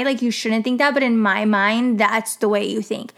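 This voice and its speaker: A woman's voice: a little high, steady tone, measured pace, few pauses, a bit bright. A young woman telling a story about an old job in a casual, chatty way, full of "like" and swearing. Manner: chatty, lots of "like" and "you know", swears freely. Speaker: vlogger telling a work story.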